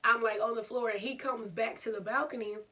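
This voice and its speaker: A young woman, telling a storytime vlog in an animated, laughing way. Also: a little high, brisk, distant mic. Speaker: vlogger.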